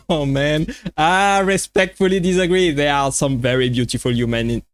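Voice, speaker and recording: Man, voice-over commentary, slightly high pitch, flat upbeat remarks. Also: normal speed, clean tone, no echo, clean studio sound. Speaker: compilation narrator. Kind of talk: voice-over commentary between clips.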